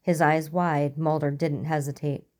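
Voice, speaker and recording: A woman narrating a story in an even, measured way. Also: low-pitched.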